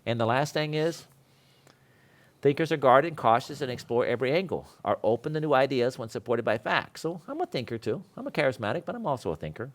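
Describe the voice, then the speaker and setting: A middle-aged man teaching a seminar class, telling stories in a casual, animated way and laughing often. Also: medium pitch, a little fast. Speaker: seminar instructor.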